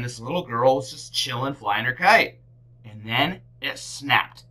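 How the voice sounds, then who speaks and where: A woman teacher reading a picture book aloud to children, with big expressive swings in her delivery. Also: a bass voice, a little slow, slight background noise, low-quality recording. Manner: animated, big swings for characters.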